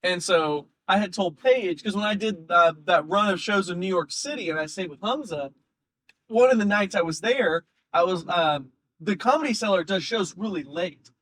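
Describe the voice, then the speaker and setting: A man, a comedian, telling an animated, rambling story in casual podcast chat, laughing often. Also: high voice, moderate pace, dry recording. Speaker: comedian guest.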